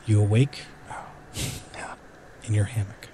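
A man's voice: fairly low pitch, little pitch movement, a little hiss or hum. A man narrating as game master of a tabletop game, often restarting and filling with ums. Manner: halting, restarts with fillers.

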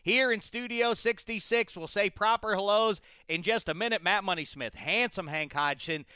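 Guy hosting a studio podcast, a bit high and bright, dry close mic, jokey and rambly. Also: moderate pace, smooth, dry recording. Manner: jokey, rambling, lots of fillers. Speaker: podcast host. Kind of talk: casual studio banter.

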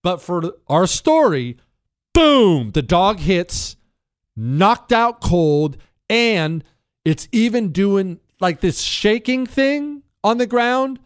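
A man's voice: high-pitched, big pitch swings, slow pace, clean tone, dry recording, clean studio sound. A man hosting a talk radio show, telling a story with dramatic flair and sound effects, then answering listener questions.

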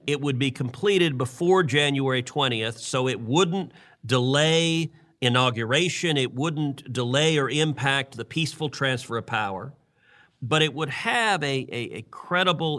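Earnest man with a bright, forceful voice. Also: mid-range voice. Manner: earnest, repeats words while building his point. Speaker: senator and co-host. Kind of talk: casual political podcast talk.

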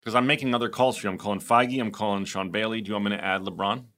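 A man co-hosting a podcast, chatting casually and retelling scenes with lively playacting. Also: fairly low pitch, very fast. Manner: storytelling, acts out scenes, restarts when moved. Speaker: podcast co-host. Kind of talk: casual chat.

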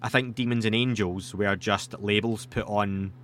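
A man's voice: fairly low pitch, fairly even intonation, moderate pace, a bit bright, a little hiss or hum. A man, hosting a podcast and answering listener questions in a casual, rambling way with self-deprecating asides.

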